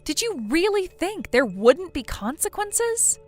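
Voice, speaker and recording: A woman's voice: extremely high pitch, very animated, a little slow, faint music behind, exaggerated voice. A woman voicing a blunt young female friend in a text-message story, lecturing firmly. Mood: scolding. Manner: firm, lecturing.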